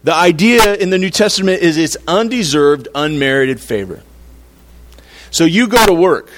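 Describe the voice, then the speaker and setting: A man's voice: fairly high pitch, expressive, moderate pace. A man preaching a sermon in a conversational, playful way, acting out little quotes to make his point. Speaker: pastor.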